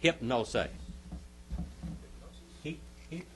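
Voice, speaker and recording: A man of average pitch teaches a Bible class in a church classroom. He swings from loud, emphatic bursts to quiet asides and repeats phrases to drive them home. A faint hum sits behind his voice. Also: very slow. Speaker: Sunday school teacher.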